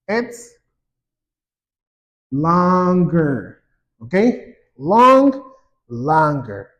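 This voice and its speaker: A man teaching an English grammar lesson, saying example words twice, slowly and clearly. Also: sits high. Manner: slow and repetitive, drawing out example words.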